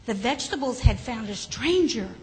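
A woman reading a children's story aloud, gently and expressively. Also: fairly high pitch, lively intonation, normal speed. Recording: hall with faint background noise.

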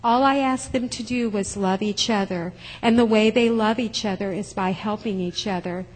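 Kindly storybook king voiced by a woman, patient and gentle, with long hall reverb. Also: medium pitch, moderate pace, natural voice. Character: kind, gentle old king who is sick.

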